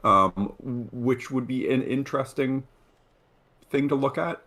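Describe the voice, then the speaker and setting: A man's voice: mid-range voice, a little slow, bright, forceful tone. A man in casual chat, thoughtful and hesitant with frequent restarts.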